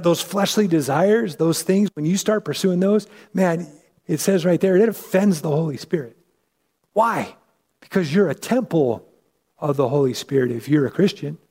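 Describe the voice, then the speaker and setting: A man's voice: high voice, a little mellow, husky, long reverb tail. A man preaching as a pastor, teaching scripture in an emphatic, conversational way that keeps checking in with his listeners. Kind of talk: sermon, Bible teaching.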